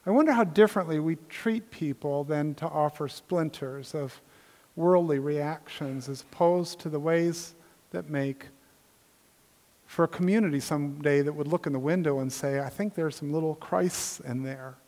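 A pastor delivers a sermon in a notably high male voice, building emphatic declarations before dropping into gentle, hushed asides. His words ring out with a long reverberant tail from a large hall. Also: moderate pace. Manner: emphatic preaching that drops to soft, intimate asides.

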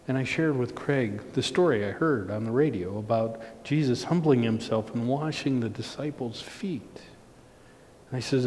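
A middle-aged man preaching, telling a personal story slowly and earnestly with frequent restarts. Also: medium pitch, darkish tone. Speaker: pastor. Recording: long reverb, faint noise.

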